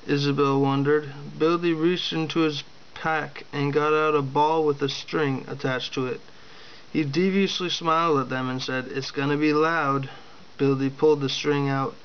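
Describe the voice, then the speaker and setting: A man's voice: on the high side, smooth, highs cut off. A man reading his own fantasy adventure story aloud, voicing the characters with only small changes and a few slips. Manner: reads every character in a near-plain voice, with small slips.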